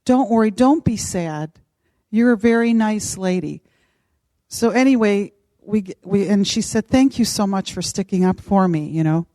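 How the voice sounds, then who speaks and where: A middle-aged woman casually telling a personal story, animated and acting out what others said. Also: mid-range voice, a little slow, no echo. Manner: animated, acts out quoted voices. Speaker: podcast co-host.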